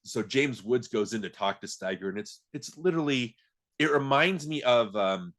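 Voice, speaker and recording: A man's voice: mid-range voice, expressive, normal speed, a bit bright. A man hosting a podcast, talking casually and laughing as he acts out movie lines. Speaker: podcast host.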